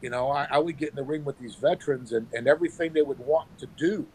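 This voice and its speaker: A former pro wrestler telling animated stories with sound effects, talking on his phone from work. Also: medium pitch, quick pace, slight background noise, poor audio. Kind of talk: casual storytelling.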